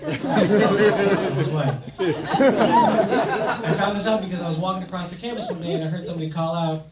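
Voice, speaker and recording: A young man telling a comic personal story on stage to a live audience, in an animated, conversational way. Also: sits high, fairly quick, long pauses, recorded from a distance, over a noisy crowd. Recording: echoey hall, mic from afar, audience noise.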